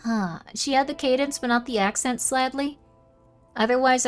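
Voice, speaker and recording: A young woman streaming a game, chatting with her chat and thinking out loud as she plays. Her voice sits a little high, and faint music plays behind her. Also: moderate pace. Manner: chatty, reacting aloud to chat and muttering to herself. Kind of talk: casual livestream chat while gaming.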